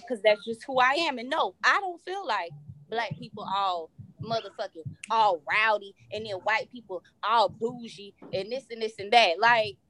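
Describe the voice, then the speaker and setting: A woman co-hosting a talk show, chatting casually with emphatic, profane, halting speech. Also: fairly high pitch, a bit bright. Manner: emphatic, profane, restarts mid-sentence. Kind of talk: casual chat.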